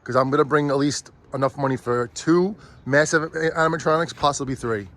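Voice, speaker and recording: A man vlogging as a father while unboxing a prop with his kids, chatty and teasing, easily excited. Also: a little high, a little fast. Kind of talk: casual chat.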